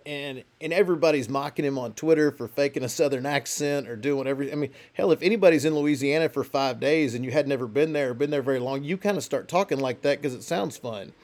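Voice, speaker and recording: A man's voice: medium pitch, fast talker, hardly any pauses, darkish tone. A man talking football in a casual, rambling way, with many restarts. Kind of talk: casual sports talk.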